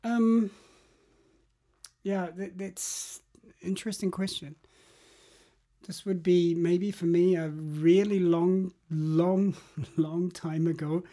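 A man's voice: high-pitched, fairly even intonation, slow, pauses often, mellow. A man talking through how to change habits in an interview, reflective and explanatory, often restarting his sentences. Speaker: guest.

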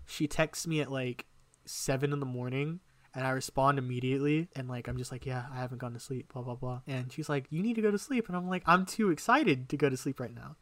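A young man casually telling a personal story on a podcast, animated and emotional, swearing often. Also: mid-range voice, a little fast, dry recording. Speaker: podcast co-host.

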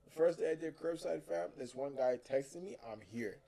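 A man's voice: fairly high pitch, moderate pace, vocal fry, mellow, rough recording. A young man co-hosting a podcast, telling stories in a laid-back, slangy way and laughing often. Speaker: podcast co-host. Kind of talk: casual podcast chat. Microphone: studio mic.

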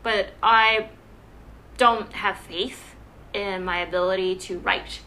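Bright-voiced young woman telling stories. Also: mid-range voice, takes it slowly, a little hiss or hum. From Hawaii. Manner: animated, self-deprecating storyteller with frequent "um" and "like". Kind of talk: casual chat.

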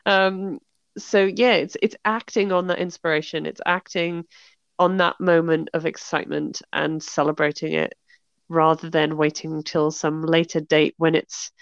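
A chatty British woman with a gravelly, slightly fried edge to her voice talks through a casual conversation, laughing often and acting out the reactions she quotes. The sound is dry and a little dull. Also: low-pitched, little pitch movement, a little slow, no room sound. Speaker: author and podcast host. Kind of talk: casual chat.

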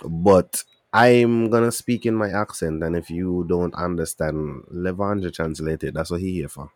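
Deep-voiced Kittitian man, emphatic. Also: measured pace, dry recording. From Saint Kitts. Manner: animated, emphatic, shifts into local dialect. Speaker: podcast co-host. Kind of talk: casual podcast chat.

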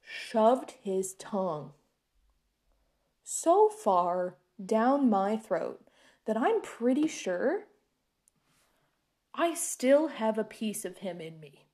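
A young woman talks slowly through a casual storytime, her voice sitting a little high. She is sarcastic and laughs often, with "like" dropped all through her sentences. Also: sing-song, a little mellow.

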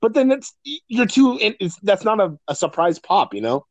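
A man's voice: sits high, very animated, moderate pace, no room sound. A man co-hosting a podcast in casual chat, rambling, swearing freely and laughing often. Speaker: podcast co-host.

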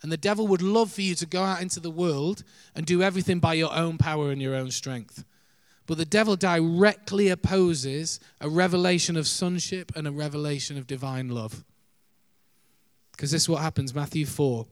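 Male preacher, mid-high register, earnest sermon delivery, dry close recording. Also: normal speed, no echo. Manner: earnest, varies pace and volume for emphasis, laughs lightly.

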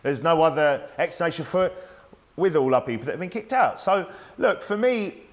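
A man's voice: a little high, lively intonation, a little fast. A man preaching a sermon, conversational and emphatic, often asking his listeners rhetorical questions.

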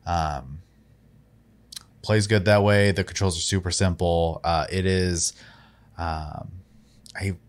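Low-voiced man, halting casual talk. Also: steady tone. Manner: hesitant, many fillers and restarts, chuckles. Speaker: podcast co-host. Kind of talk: casual chat.

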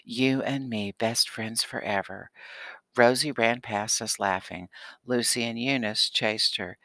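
A man reading a children's novel aloud in a steady, expressive voice. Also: medium pitch, dry recording. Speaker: audiobook narrator. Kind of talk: scripted audiobook narration.

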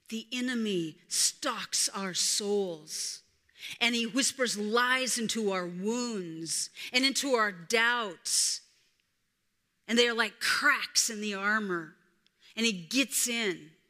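A woman preaching a sermon as a story, swinging from hushed whispers to loud, emphatic peaks. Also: medium pitch. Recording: reverberant hall.

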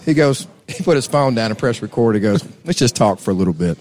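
A man's voice: mid-range voice, expressive, fast talker, darkish tone. A man with a Texan accent, telling rambling stories as a musician guest on a casual chat show. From Texas. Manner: laid-back, rambling, laughs often.

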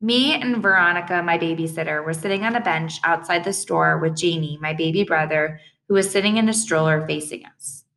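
A woman's voice: fairly low pitch, fairly quick, few pauses, a bit bright. A woman narrating a first-person audiobook in a plain, conversational way.

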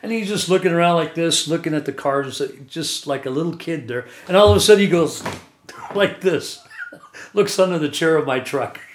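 A man's voice: fairly high pitch, normal speed. Man, guest storyteller, rambling, laughs often, echoey room. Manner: chuckles often while telling stories. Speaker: guest telling his life story.

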